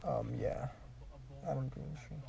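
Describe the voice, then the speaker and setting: A man's voice: medium pitch, slow, creaky, mellow. A young man in casual chat with a friend, slangy and swearing a lot. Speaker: friend chatting. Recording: distant mic in a chatty crowd.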